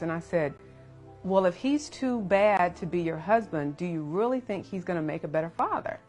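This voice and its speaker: A low-voiced woman, a teacher, tells a story about her students earnestly and with disbelief. Faint music plays underneath. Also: lively intonation, normal speed, a little mellow.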